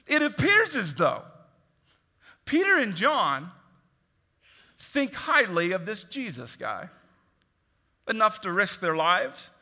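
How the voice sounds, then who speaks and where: Male pastor, higher-pitched and bright, animated sermon delivery, long reverb of a big hall. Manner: animated, jokey, acts out quoted voices.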